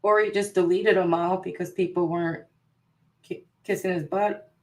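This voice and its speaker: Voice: medium pitch, fairly even intonation, moderate pace, a little mellow. Wry, exasperated co-host. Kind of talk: casual commentary chat.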